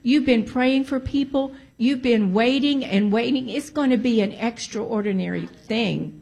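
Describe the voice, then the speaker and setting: A woman's voice: on the high side, a little slow, gravelly, darkish tone, husky. A woman giving a testimony to a congregation, emphatic and repeating phrases for stress. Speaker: church speaker giving testimony.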